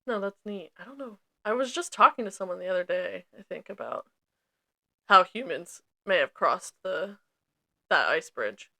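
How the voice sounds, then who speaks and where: A woman's voice: medium pitch, moderate pace, vocal fry. A woman co-hosting a podcast, chatting casually and reading from notes with frequent ums. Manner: relaxed, hesitant with frequent ums. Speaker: podcast co-host.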